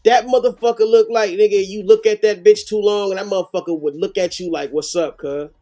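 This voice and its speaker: High-voiced guy hosting a reaction stream, cussing and slangy, music in the back. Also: brisk. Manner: animated, heavy slang and profanity. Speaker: host. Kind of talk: live reaction commentary.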